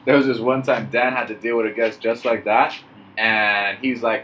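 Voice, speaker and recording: A man's voice: mid-range voice, normal speed, fairly bright tone. A man chatting casually, chiming in with laughs and retelling stories from work. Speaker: podcast co-host. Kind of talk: casual chat. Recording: dull lo-fi sound with faint hiss.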